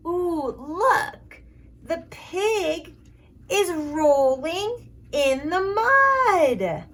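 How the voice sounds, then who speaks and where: Woman, kids' speech therapist, lively pitch, exaggerated and playful, animal sounds. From United States. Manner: exaggerated, playful, drawn-out words. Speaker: speech therapist teaching toddlers. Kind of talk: slow, sing-song kids' lesson with animal sounds.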